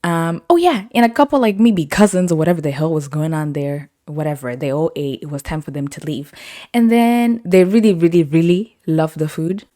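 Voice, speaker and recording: A woman's voice: deep voice, moderate pace, no echo, clean studio sound. A young woman hosting a podcast, telling casual stories with frequent laughter and acting out what other people said. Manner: animated, laughs often, acts out quoted voices. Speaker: podcast host. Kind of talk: casual storytelling.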